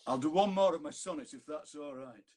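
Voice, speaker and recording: A man's voice: on the high side, fairly quick, a little mellow. A man with a Yorkshire accent, a poet chatting and reading his sonnets aloud on a video call. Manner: chatty, jokey, reads verse aloud. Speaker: poet reading at an online fundraiser. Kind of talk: poetry reading with chat.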